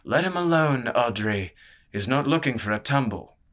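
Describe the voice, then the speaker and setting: A man voicing a charming, talkative knight with a smooth, courteous manner in an audiobook. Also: medium pitch, expressive, normal speed, a bit bright, lightly acted. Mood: genial.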